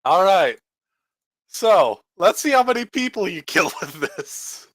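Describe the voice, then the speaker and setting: A man's voice: sits high, very animated, unhurried, fairly bright tone, no echo, studio quality. A man acting as game master, ruling on rolls and damage in a tabletop game. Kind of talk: running a tabletop game over voice chat.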